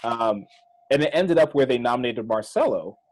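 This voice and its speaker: Husky-voiced man explaining a game. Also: mid-range voice, lively intonation, moderate pace, low-quality recording. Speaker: podcast co-host. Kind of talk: casual recap chat.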